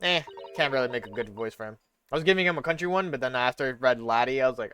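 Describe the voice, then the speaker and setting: A man's voice: mid-range voice, fast, clean tone, no echo, clean studio sound. Chatty young male game streamer. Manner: relaxed, chatty, mumbling asides. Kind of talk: casual game stream commentary.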